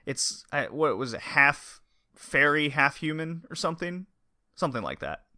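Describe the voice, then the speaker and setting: Bright-voiced man in lively podcast chat. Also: on the high side, normal speed, no echo, clean studio sound. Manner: animated, laughing, acts out quotes. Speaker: podcast co-host.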